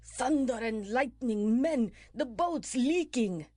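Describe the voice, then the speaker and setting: A woman's voice: mid-range voice, lively intonation, unhurried, darkish tone, no room sound, natural voice. A woman voicing a boastful, villainous male pirate chief who mocks his captive. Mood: alarmed. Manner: gloating, mocking.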